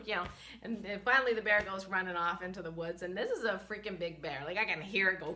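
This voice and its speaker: Bright-voiced woman telling a lively story. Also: medium pitch, a little fast. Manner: animated, chatty, many fillers, laughs often. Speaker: host and spiritual medicine practitioner. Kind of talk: casual storytelling. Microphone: camera she holds herself.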